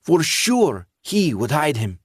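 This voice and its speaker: A man voicing an earnest, insistent teenage boy, raising his voice high and urgent. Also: very animated, slow pace, breathy edge, no echo, clean studio sound, exaggerated voice. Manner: raised, high, urgent delivery.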